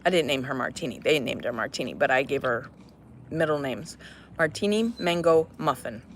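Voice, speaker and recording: A woman's voice: a bass voice, expressive, moderate pace, slight background noise. A woman chatting casually to her viewers in a vlog, breaking off to talk to a dog playing fetch outdoors. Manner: chatty, talks to a dog between asides. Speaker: vlogger.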